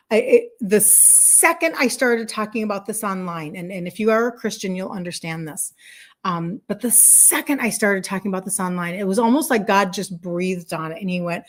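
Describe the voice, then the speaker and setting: A woman's voice: medium pitch, normal speed. A woman in her sixties, a wellness coach chatting effusively with viewers on a live stream, rambling and laughing as she talks. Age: 60s. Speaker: wellness coach selling supplements.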